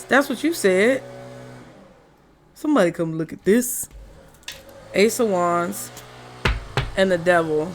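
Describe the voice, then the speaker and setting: A woman's voice: medium pitch, expressive, slow pace, long pauses. A woman giving a casual tarot reading at home, chatting, swearing freely and thinking aloud as she turns the cards. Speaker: tarot reader. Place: room at home with a window open. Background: faint street and traffic noise.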